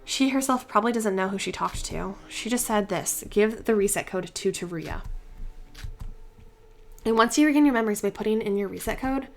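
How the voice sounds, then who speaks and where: A woman's voice: mid-range voice, moderate pace, a little hiss or hum, natural voice. A woman voicing a determined young female student detective, reading game dialogue aloud in a firm, reassuring way.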